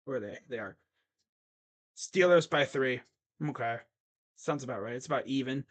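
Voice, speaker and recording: A man's voice: medium pitch, unhurried, long pauses, a bit bright. A young man casually recapping football stats and picks, chatty with mocking asides. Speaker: sports picks host.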